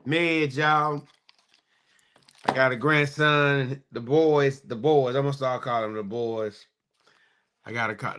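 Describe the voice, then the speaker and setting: A middle-aged man, hosting a casual live-stream chat and joking sarcastically with sudden excited high bursts. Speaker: host.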